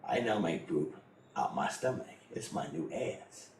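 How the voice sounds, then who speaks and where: A man's voice: deep voice, expressive, unhurried, darkish tone, reverberant, slight background noise, rough recording. A middle-aged man telling a personal story in a blunt, profane way, laughing often as he goes. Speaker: interviewee.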